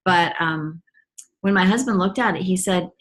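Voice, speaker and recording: A woman's voice: lowish voice, moderate pace, a bit bright. A middle-aged woman gives a personal testimony as a mother, talking in a chatty, earnest way with frequent ums and restarts. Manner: earnest and enthusiastic.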